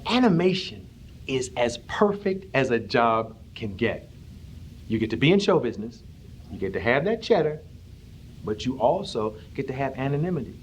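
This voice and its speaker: A man's voice: mid-range voice, very animated, normal speed, a little hiss or hum. A man from Cleveland giving wry, joking interview answers. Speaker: voice actor interviewee.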